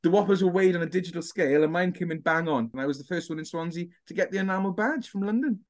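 A man with a Welsh accent chatting as a podcast guest, animated and prone to joking impressions. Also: high voice, quick pace. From Wales. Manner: animated storyteller, puts on voices for jokes. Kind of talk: casual podcast chat.

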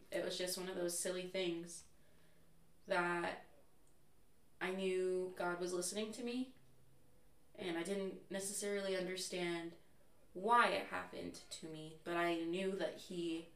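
A woman's voice: fairly low pitch, a little slow, long pauses. A young adult woman, a guest in a casual chat, telling stories candidly and acting out what people said. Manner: candid, animated storyteller who acts out quotes. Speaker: interview guest. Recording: roomy echo, voice far from mic.

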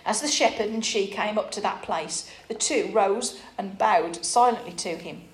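A woman's voice: mid-range voice, normal speed. A woman preacher reading an allegory aloud expressively with small restarts, then preaching. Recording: roomy echo.

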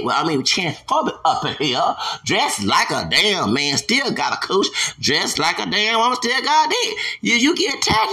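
A man's voice: high voice, pushed and bright, breathy edge. A man hosting a podcast, delivering a heated, profane monologue and hammering phrases over and over like chants. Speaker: podcast host.

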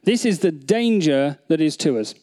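A man's voice: a little high, lively intonation, moderate pace, mellow. A man preaching a sermon, earnest, repeating phrases and asking the congregation questions. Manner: earnest, many restarts, repeats phrases, asks the audience questions. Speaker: pastor.

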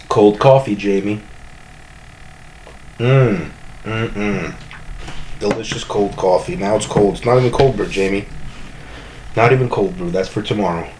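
A man's voice: fairly low pitch, normal speed, darkish tone, a little hiss or hum, poor audio. A man hosting a comedy podcast from his home kitchen, rambling with joking bravado and constant self-corrections. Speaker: podcast host.

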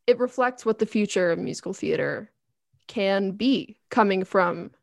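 A woman's voice: medium pitch, lively intonation, moderate pace, gravelly, dry recording, clean studio sound. A young woman co-hosting a podcast, talking in an emphatic, enthusiastic casual way. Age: young adult. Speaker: podcast co-host.

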